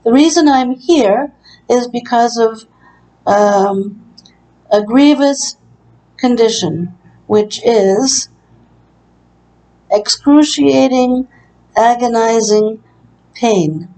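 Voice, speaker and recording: A woman's voice: fairly high pitch, drawn-out words, vocal fry, long pauses, warm tone, low-quality recording. A woman in her room at a care facility, telling her story in an earnest, aggrieved way with frequent hesitations. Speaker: long-term care resident. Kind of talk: personal testimony vlog.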